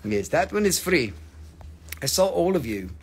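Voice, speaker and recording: A man with a slightly high voice hosts a live crystal sale. He talks casually and jokingly, teases his viewers and swears freely along the way. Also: big pitch swings, a little slow, vocal fry, crowd noise. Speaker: host selling crystals on a livestream. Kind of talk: casual live sales chat.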